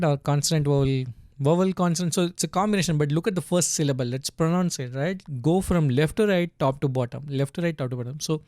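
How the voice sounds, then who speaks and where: A man's voice: a little high, darkish tone, no room sound, clean studio sound. A man teaching a casual tutorial, patiently sounding out syllables and checking in with "right?" after each step. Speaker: language teacher.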